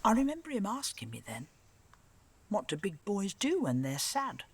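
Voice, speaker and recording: A husky, regretful older grandmother. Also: medium pitch, huge pitch swings, moderate pace. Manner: reflective, regretful. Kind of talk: video game voice acting.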